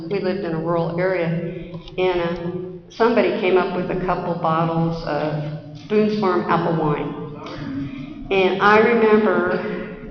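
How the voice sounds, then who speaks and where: A woman's voice: on the low side, a little hiss or hum. A middle-aged woman sharing her recovery story at a conference, candid and self-deprecating. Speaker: AA speaker. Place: conference hall. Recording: roomy, dull conference hall recording.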